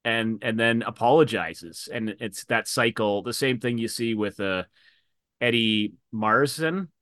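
A man's voice: mid-range voice, unhurried, a bit bright, clean tone, no room sound, studio quality. A man talking frankly in a casual film discussion, swearing freely and retelling scenes. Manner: retells scenes with quoted voices.

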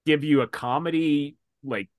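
A man's voice: on the high side, measured pace, no room sound. A man chatting casually about movies, acting out scenes and quoting characters as he talks. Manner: animated storyteller, acts out lines from scenes.

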